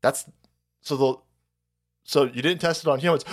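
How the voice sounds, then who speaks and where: A man's voice: on the high side, moderate pace, pauses often. A man hosting a live stream, ranting in a profane, sarcastic way. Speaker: streamer host.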